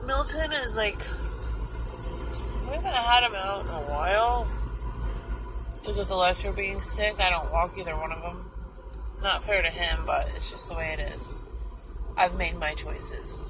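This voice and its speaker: A woman's voice: on the low side, a little slow, pauses often. A woman chatting casually while she drives, self-mocking and talking back to other drivers. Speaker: vlogger. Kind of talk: casual chat while driving. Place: car on the road. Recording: noisy car interior. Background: car and road noise.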